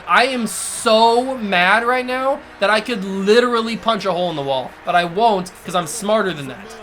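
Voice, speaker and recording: Man, gaming host, angry gameplay rant, loud outbursts and grumbling, sharp bright voice, faint music behind. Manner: angry ranting, swings from shouts to low mutters. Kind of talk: live gameplay commentary.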